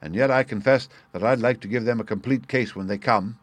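A man doing a brisk, impatient detective. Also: medium pitch, dry recording, close to an everyday voice. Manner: brisk and incisive. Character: sharp, impatient male detective.

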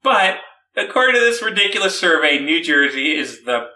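A man co-hosting a comedy talk show, sarcastic and halting with many fillers. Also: a little high, big pitch swings, bright, forceful tone, echoey room, recorded from a distance. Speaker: radio show co-host.

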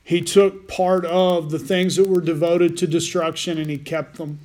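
A man's voice: fairly high pitch, flat delivery, measured pace, darkish tone. A man preaching a sermon as pastor, folksy and joking, with frequent restarts and asides.

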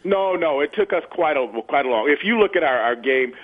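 A man's voice: on the high side, animated, fairly quick. Earnest older man on a phone line. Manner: earnest, repeats words while searching for them. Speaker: guest, former football player. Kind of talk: phone interview.

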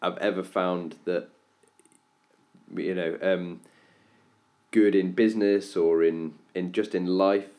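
A man's voice: low voice, steady tone, slow, long pauses, darkish tone. A man co-hosting a casual podcast chat, asking questions and giving rambling advice with many restarts. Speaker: podcast co-host.

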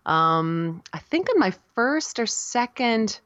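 A middle-aged woman from South Florida, a puppeteer and voice actor, telling stories as an animated interview guest. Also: mid-range voice, slow, dry recording, lo-fi sound. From South Florida, USA. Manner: animated storyteller, laughs often, jumps into quoted voices. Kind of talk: casual interview chat.

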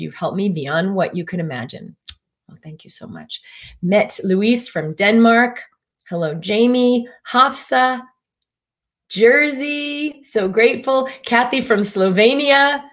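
A woman's voice: medium pitch, animated, unhurried. A woman physician hosting a live stream, talking casually with a meandering style full of fillers and restarts. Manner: meandering, easygoing talk with frequent fillers and restarts. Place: Durango, Colorado.

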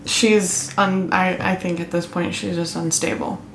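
A woman's voice: lowish voice, little pitch movement, measured pace. A woman co-hosting a casual book discussion, speaking in a hesitant, thoughtful way. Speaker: podcast co-host. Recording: roomy with clear background noise.

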